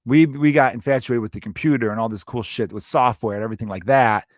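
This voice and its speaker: A man's voice: medium pitch, fast, no echo, studio quality. A young man hosting a solo podcast, talking in a rambling, profane and jokey way. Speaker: podcast host. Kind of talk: casual solo podcast talk.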